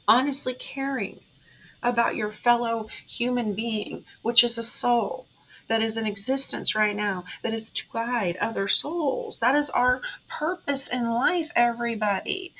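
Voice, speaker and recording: A bright, earnest woman with a slightly high voice gives a heartfelt motivational monologue as a tarot reader and spiritual vlogger. She is emotional and speaks directly to viewers, and the rough recording has slight background noise.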